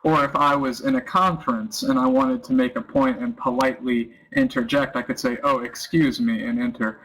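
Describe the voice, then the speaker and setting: An American man answering interview questions in a relaxed, thoughtful way, pausing with frequent ums and giving everyday examples. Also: medium pitch, poor audio. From United States. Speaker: interviewee explaining American culture.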